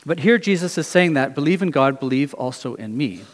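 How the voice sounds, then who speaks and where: A middle-aged man preaching in a church hall, his fairly high voice carried by long reverb. He asks questions earnestly and lets some phrases fall quiet. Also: lively intonation, fairly quick. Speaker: pastor. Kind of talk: sermon.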